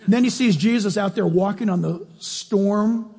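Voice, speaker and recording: A man delivers an animated sermon, throwing rhetorical questions at his listeners. His voice sits high and has a husky grain. The long reverb of a large hall trails after his words. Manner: animated, quick swings in pitch and volume, rhetorical questions. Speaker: preacher.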